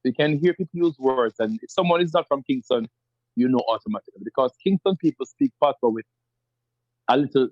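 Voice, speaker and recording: A man with a Jamaican accent talks animatedly as a guest in a conversational interview, slipping into other dialects and imitating them with lively pitch jumps. He speaks fairly quickly, and the recording is lo-fi with no room sound.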